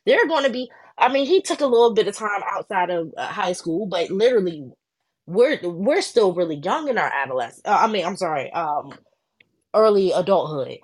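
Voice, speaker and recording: A woman's voice: medium pitch, moderate pace, husky. A woman, co-hosting a casual podcast chat and telling stories with acted quotes. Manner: animated storytelling with acted quotes. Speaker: podcast co-host.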